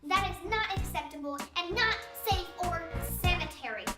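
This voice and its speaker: A woman's voice: very high-pitched, normal speed, voice pushed up. A young woman voicing an indignant middle-aged mom with a put-on Southern accent, complaining and moralizing. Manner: stern, scolding, moralizing. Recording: echoey room, from a distance, loud music.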